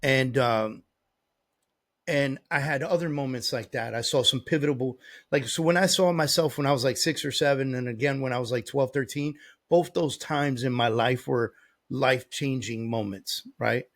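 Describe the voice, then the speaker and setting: Gravelly-voiced man, blunt and profane. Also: medium pitch, normal speed. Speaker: podcast guest, business coach. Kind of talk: casual storytelling.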